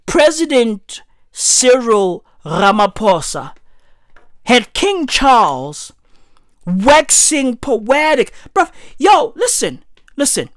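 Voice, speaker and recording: A woman, delivering a profane comic rant full of "bruv" and "right?", her voice swinging high and low. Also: fairly bright tone, dry recording, studio quality. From South Africa.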